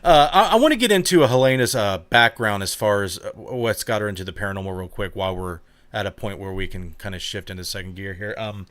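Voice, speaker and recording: Male host, lowish voice, casual and filler-heavy. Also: a bit bright, no echo. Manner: chatty, filler-heavy, \"real quick\". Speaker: show host. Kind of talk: live-stream interview.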